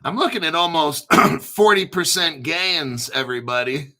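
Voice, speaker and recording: A man hosting a casual crypto livestream, rambling excitedly with frequent laughs and restarts. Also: a little high, moderate pace.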